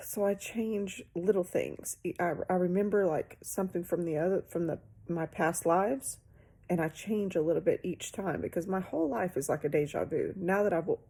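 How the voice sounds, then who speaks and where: A woman in her forties giving an emotional spiritual testimony, slow and halting, sighing, with phrases trailing into whispers. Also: lowish voice, creaky, mellow, slightly rough. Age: 40s.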